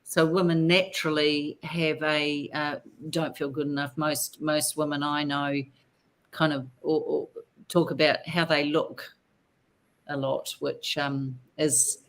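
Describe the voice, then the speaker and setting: A woman's voice: sits low, little pitch movement, takes it slowly. Outspoken woman guest. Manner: emphatic, outspoken. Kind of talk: live-stream conversation.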